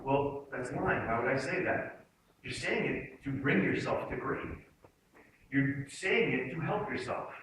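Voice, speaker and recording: A man giving a lively motivational talk to students, leading them through call-and-response exercises. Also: medium pitch, unhurried. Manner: energetic, leads audience in call-and-response exercises. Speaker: motivational speaker. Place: large hall with student audience. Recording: echoey hall from far off, noisy.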